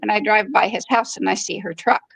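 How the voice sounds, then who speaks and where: A woman's voice: medium pitch, fairly even intonation, fairly quick, gravelly, a bit bright, slightly rough, no echo, rough recording. A woman in her fifties telling a personal story in a frank, conversational way. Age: 50s. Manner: frank and conversational, acting out quoted dialogue. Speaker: podcast host.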